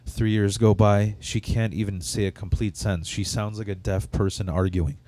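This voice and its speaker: A man's voice: on the low side, fairly even intonation, moderate pace, few pauses, warm tone. A man hosting a podcast, telling rambling, profane comic stories in casual chat. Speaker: podcast host. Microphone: studio microphone.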